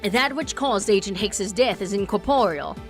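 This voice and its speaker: A woman voicing a calm, pompous male prosecutor who lays out deductions in a measured, deliberate way. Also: medium pitch, over music, lightly acted.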